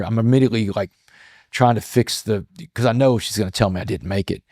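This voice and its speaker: A middle-aged man recounts his story as an interview guest, earnest and given to emotion, often doubling back on his words. His voice sits low. The sound is dry and close. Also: fast talker, vocal fry, darkish tone, no echo.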